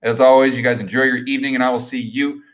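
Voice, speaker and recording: A middle-aged man hosting a live stream Q&A in a casual, energetic ramble. He stumbles over repeated words as he keeps pushing ahead, at a middle pitch. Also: quick pace. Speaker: host.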